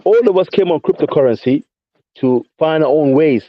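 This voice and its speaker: A man with a London accent rants into a voice chat and keeps circling back to the same points. His voice sits a little high, and he throws mate and bro into nearly every line. The sound is dry and dull, like a lo-fi chat line. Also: animated, normal speed, dry recording. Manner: combative, repetitive, peppers speech with mate and bro. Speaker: caller in a voice chat. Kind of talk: ranting casual chat.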